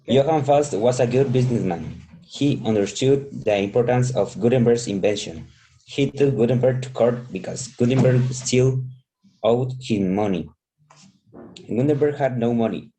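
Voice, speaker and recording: A male student who reads a passage aloud in class at a steady, careful pace. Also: medium pitch, rough recording.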